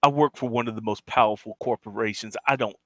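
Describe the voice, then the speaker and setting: A man voicing a hulking, menacing cyborg guard who works for a corporation, with gruff, clipped threats. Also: lowish voice, steady tone, fast talker, fairly bright tone, no room sound, pitched below the performer's own voice, lightly acted.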